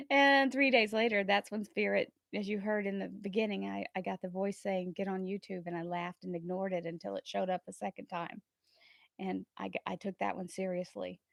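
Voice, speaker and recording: Animated spiritual woman chatting. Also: mid-range voice, moderate pace, creaky, no echo, clean studio sound. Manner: earnest, spiritual, animated, laughs often. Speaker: tarot reader and channel host. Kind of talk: casual livestream chat.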